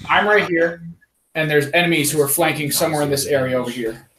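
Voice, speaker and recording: A man's voice: on the high side, fast, crowd noise. A man playing in a tabletop game, explaining where everyone stands on the map and repeating himself. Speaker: player. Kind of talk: casual tabletop game chat. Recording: roomy echo with faint noise.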